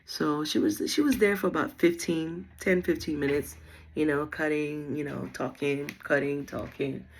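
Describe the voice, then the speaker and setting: A woman's voice: deep voice, fairly even intonation, normal speed. A young mother telling her birth story at home in a chatty, rambling way, full of fillers. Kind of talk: casual storytelling vlog.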